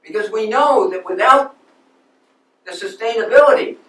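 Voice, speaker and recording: A man's voice: high-pitched, normal speed, a bit bright. A man in a first-person living-history monologue, playing an aging nineteenth-century landscape architect who tells his story with earnest emotion. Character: aging 19th-century male landscape architect, passionate and restless. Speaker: historical reenactor. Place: lecture hall. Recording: echoey hall, distant mic.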